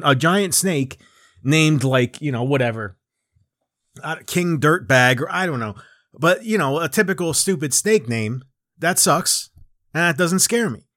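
In clean, echo-free studio audio, a forties-aged man hosts a comedic chat with a voice on the high side and a bit bright. He rambles, swears, mocks himself, and keeps restarting and riffing.

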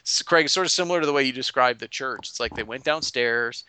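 A man recapping his tabletop campaign in a loose, rambling chat. His voice is bright, crisp and forceful. He is recorded close on a dry mic, with no room echo. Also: medium pitch, fast. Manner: rambling, many restarts and fillers. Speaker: game master. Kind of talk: casual podcast recap.

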